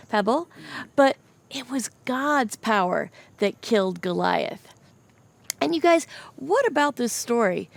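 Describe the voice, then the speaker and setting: A woman's voice: sits high, no echo. A young adult woman teaching children a Bible story, telling it with animation and asking the kids questions.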